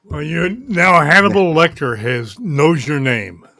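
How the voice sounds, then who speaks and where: A male co-host in a casual chat, tossing out blunt, dry quips. His voice is bright and lively, rising and falling a lot, and it is recorded dry. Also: on the high side, a little slow, no room sound. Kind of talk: casual entertainment news chat.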